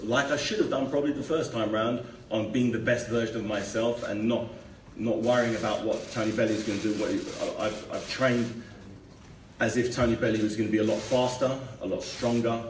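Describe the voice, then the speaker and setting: Determined boxer in an echoey hall. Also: male voice, on the low side, fairly even intonation. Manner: measured, determined, repeats words while thinking. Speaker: boxer at a press conference. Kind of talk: press conference answers. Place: hotel conference room. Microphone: room mic, heard from a distance. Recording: echoey room, distant mic, faint noise.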